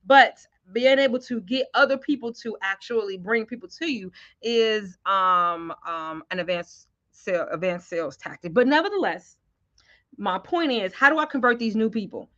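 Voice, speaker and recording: A middle-aged woman runs a live sales training, speaking in an animated, slangy way straight to her audience. Her voice sits high and sounds bright. The audio comes through slightly muffled, like an online stream.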